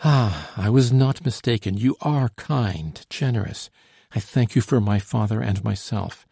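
A man's voice: on the low side, a little slow, gravelly, warm tone, slightly rough, no room sound, studio quality, full character voice. A man reading an audiobook, voicing an earnest, anxious young woman with a pleading manner. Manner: pleading, emotional.

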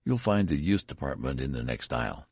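A man's voice: rumbling low, big pitch swings, fairly quick, darkish tone, slightly rough, dry recording, studio quality, full character voice. A man voicing a puzzled store clerk who is polite, curious and fussy.

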